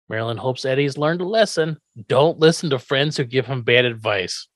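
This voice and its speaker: A podcast co-host recapping a TV episode in casual chat, a lively storyteller who swears freely. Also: medium pitch, moderate pace, hardly any pauses, dry recording.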